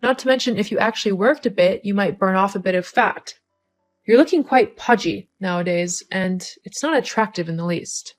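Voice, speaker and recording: A woman's voice: medium pitch, expressive, normal speed, soft background music, close to an everyday voice. Woman voicing a bossy nagging mother-in-law. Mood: scolding. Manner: condescending, nagging. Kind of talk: scripted story narration.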